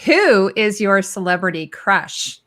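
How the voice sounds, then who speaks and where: A woman's voice: mid-range voice, very animated, slow, a bit bright. A woman hosting a livestream, casually chatting with guests and eagerly moving the questions along. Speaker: livestream host. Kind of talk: casual chat.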